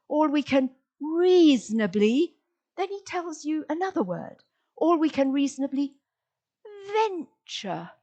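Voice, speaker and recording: Woman lecturing slow and dramatic, voice swooping way up and down, acts out little voices, keeps asking the room stuff. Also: high-pitched, a little mellow, dull audio. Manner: dramatic, playful, acts out inner voices, stretches words; asks the audience questions. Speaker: summer school lecturer. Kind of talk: expressive lecture on word meanings.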